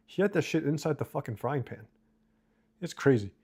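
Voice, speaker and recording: A man's voice: on the high side, expressive, darkish tone, breathy edge. A man live streaming, reading and answering viewer comments in a casual, profane, rambling way. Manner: profane, rambling, quick asides.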